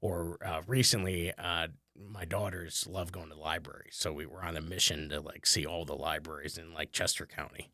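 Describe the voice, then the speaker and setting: A man's voice: sits low, steady tone, moderate pace, sharp tone, no echo, clean studio sound. A male comedian and podcast host telling a story in casual chat, rambling and conversational with lots of "like" fillers, chuckling often and mocking himself a little.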